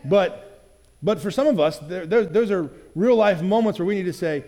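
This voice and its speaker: Guy pastor talking it out to his church, lots of "right?", kinda high voice, big reverb. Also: normal speed, mellow. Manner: conversational, often asking "right?"; acts out quoted lines in other voices. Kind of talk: sermon.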